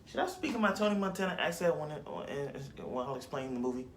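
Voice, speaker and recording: A man's voice: on the high side, animated, a little fast, a little hiss or hum. A young man chatting casually about his favorite movies, rambling and slangy, correcting himself as he goes. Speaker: vlogger. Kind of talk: casual movie list chat.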